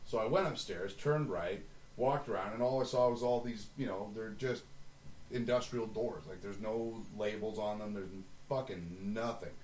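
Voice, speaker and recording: A man's voice: lowish voice, normal speed, a little mellow, distant mic. A man casually telling a long profane backstage story, acting out what people said. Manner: profane storyteller, acts out quotes. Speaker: musician. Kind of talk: casual podcast chat. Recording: roomy with faint noise, a bit off-mic.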